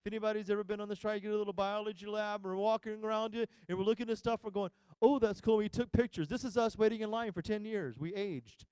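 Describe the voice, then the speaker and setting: Man, pastor, very high voice, smooth, dry close sound, animated storytelling sermon. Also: fast talker, few pauses, dry recording. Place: church sanctuary.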